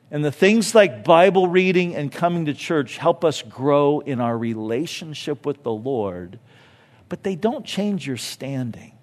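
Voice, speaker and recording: Man, pastor, sermon, fairly high voice, very expressive intonation, conversational, joking asides, emphatic on key phrases.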